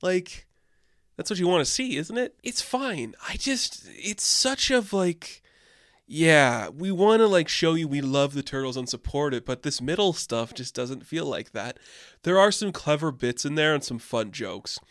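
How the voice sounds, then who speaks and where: A man's voice: on the high side, animated, unhurried, fairly bright tone, dry recording, clean studio sound. A man hosting a podcast, giving a casual, rambling and opinionated film review. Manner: rambling and opinionated, many fillers. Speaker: podcast host.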